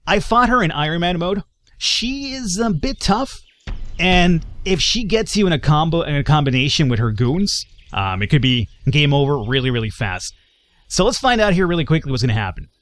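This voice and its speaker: A man hosting a let's play, giving casual gameplay commentary in a chatty, self-deprecating way as he thinks aloud. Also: fairly high pitch.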